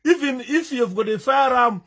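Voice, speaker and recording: A man's voice: very high-pitched, animated, moderate pace, fairly bright tone. A man giving emotional commentary over video clips, repeating himself with great emphasis. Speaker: political commentator.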